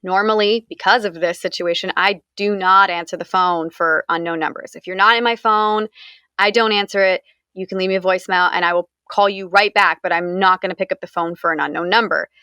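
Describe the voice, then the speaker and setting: A woman's voice: on the low side, steady tone, a little fast, bright, forceful tone, clear, resonant tone, dry recording, studio quality. A young woman from the United States, candidly recounting a personal story in an interview, talking conversationally with frequent fillers.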